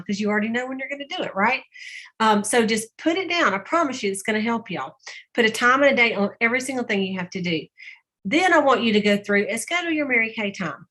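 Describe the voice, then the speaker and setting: A woman's voice: on the high side, animated, fast, bright, forceful tone. A woman leading a sales team call, chatty and folksy, acting out little conversations as she coaches.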